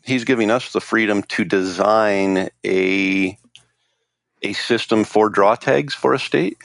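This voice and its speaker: Gravelly guy cohosting, low voice, matter of fact, dry mic. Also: takes it slowly, a bit bright, dry recording. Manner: matter-of-fact, gravelly, laughs between thoughts. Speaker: podcast co-host. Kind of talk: casual chat.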